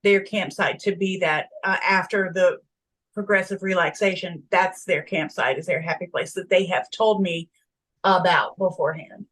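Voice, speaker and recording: A woman's voice: lowish voice, normal speed, fairly bright tone, rough recording. A woman who works as a hypnotist, plainly describing how she guides clients in a casual podcast talk. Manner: explains her methods plainly. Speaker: hypnotist guest.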